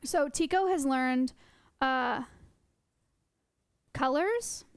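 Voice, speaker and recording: A woman's voice: high voice, extremely slow, gravelly, no room sound. A young woman live-streaming, chatting casually with her viewers in a rambling way. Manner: chatty, rambling, laughs often. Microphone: close desk mic.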